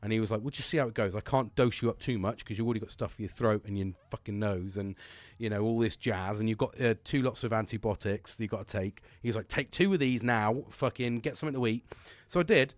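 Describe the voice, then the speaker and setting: Sweary rambling bloke. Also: male voice, lowish voice, fast talker, no echo. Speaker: podcast host. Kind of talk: casual storytelling chat.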